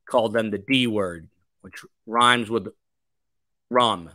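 This podcast host has a lowish, bright, forceful voice and speaks slowly, in a dry recording. During his livestream he chats loosely, full of fillers, and reads viewers' comments out loud.

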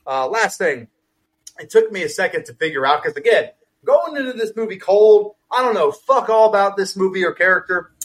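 A man co-hosting a film review podcast, chatting casually with lots of swearing and quick asides. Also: high-pitched, lively intonation, rough recording. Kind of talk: casual chat.

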